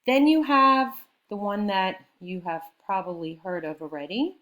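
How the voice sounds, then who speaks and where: A woman's voice: medium pitch, measured pace, a bit bright. A woman teaching a beginner French class, explaining patiently and checking in often with her students. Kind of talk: classroom lesson.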